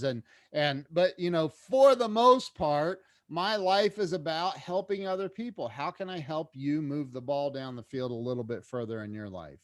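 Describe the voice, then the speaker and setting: A man as a podcast guest, telling a personal story in a casual, animated way, restarting phrases and getting louder when excited. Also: fairly high pitch, no room sound, studio quality.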